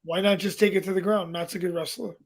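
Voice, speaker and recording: A man with a Brooklyn accent co-hosting a podcast, chatting casually and breaking things down in quick bursts. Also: high voice, steady tone. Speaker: podcast co-host.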